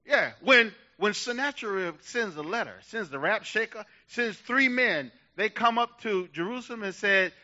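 A man preaching a sermon to a church, building from quiet passages to loud, emphatic shouts. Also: sits high, animated, moderate pace, hardly any pauses, highs cut off. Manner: rising to shouts, dramatic.

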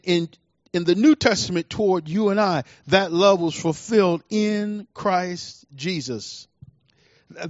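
A man preaching a sermon as a pastor, swinging between fervent declarations and hushed asides. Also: high voice, no echo, lo-fi sound.

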